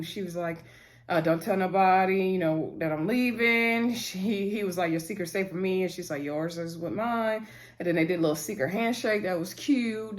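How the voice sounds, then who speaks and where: A woman giving a casual, chatty episode recap to her viewers, acting out the characters' lines as she goes. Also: fairly low pitch. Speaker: TV episode reviewer.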